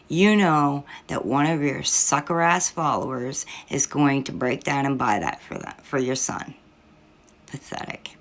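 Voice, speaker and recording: A middle-aged woman with an extremely low, gravelly voice delivers scornful reaction commentary. She lectures and mocks with heavy sarcasm. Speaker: social media commentator.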